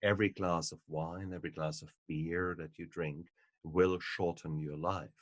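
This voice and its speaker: A man and book author in an interview conversation, telling stories in an animated, emphatic way. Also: deep voice, moderate pace, dry recording. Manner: animated storyteller, emphatic and repetitive.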